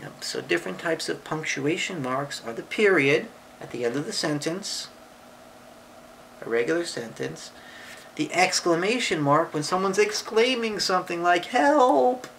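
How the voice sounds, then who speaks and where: A woman reading a picture book aloud to a child and explaining punctuation, patient and affectionate, with sudden high excited voices for exclamations. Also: normal speed, creaky, a little hiss or hum, rough recording. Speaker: parent or relative reading to a child.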